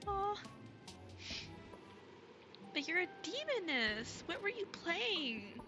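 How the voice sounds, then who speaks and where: A woman streamer chatting casually with her viewers, soft and gushing, stumbling over ums and restarts, still getting over a cold. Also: extremely high pitch, very animated, slow. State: recovering from a cold. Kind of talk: casual live-stream chat. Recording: streamer's mic with music behind.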